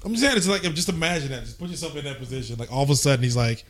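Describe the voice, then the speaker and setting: Male guest, middle pitch, amused and repetitive, talks through his questions. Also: rapid-fire. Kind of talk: casual chat.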